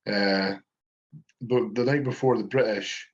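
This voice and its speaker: A man's voice: fairly low pitch, measured pace, dull audio. A Scottish man co-hosting a podcast, telling backstage stories in casual chat with lots of swearing. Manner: swears freely, animated storytelling. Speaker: podcast co-host.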